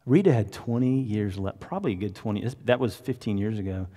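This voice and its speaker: Man, pastor, sermon storytelling, lowish voice, long church-hall reverb. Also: animated, brisk, mellow. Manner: conversational, anecdotal, acts out quotes. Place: large church sanctuary.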